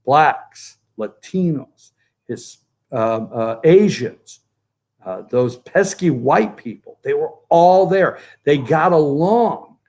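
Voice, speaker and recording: A man hosting a political opinion show from home by a pool, remote from the studio, talking in a sarcastic, jokey and animated way. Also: fairly high pitch, slow pace. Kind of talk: opinionated talk-show commentary.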